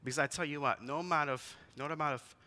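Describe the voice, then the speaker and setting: A man's voice: a little high, fast, sharp tone. A man in his forties, a pastor giving a conversational sermon in a church, telling stories and asking the congregation questions. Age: 40s.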